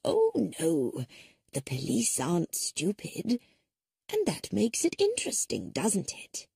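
A woman's voice: lowish voice, huge pitch swings, takes it slowly, creaky, mellow, breathy edge, no room sound, clean studio sound, heavily acted. A woman voicing an elderly spinster detective who speaks mildly and politely and reasons things through carefully. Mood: gentle, reasoning. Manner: mild, polite, thoughtful reasoning. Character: elderly spinster sleuth, gentle yet sharp-witted. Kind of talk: audiobook character reading.

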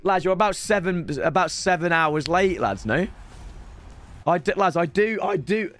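Hoarse, excitable British streamer man. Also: sits high, moderate pace. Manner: excitable, bursts into shouts at big reveals. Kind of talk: live-stream pack-opening commentary.

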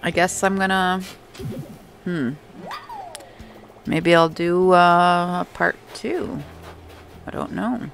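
A woman's voice: on the low side, slow pace, creaky, pauses often, a bit bright. A young adult woman casually commenting on her gameplay, chatting to game characters and laughing often. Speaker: gameplay streamer. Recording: faint background music.

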